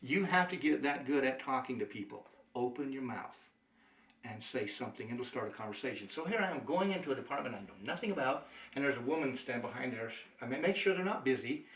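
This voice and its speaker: A man's voice: medium pitch, fast, echoey room, recorded from a distance, low-quality recording. A man giving a sales training talk, telling stories, acting out the dialogue and chuckling often. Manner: chuckling, anecdotal, animated.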